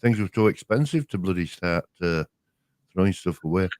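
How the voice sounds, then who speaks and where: A man's voice: sits low, animated, moderate pace, a little mellow, no room sound. An older man with a Yorkshire accent, co-hosting a casual live-stream chat, chatty and laughing as he drops into local dialect. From West Yorkshire. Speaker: co-host.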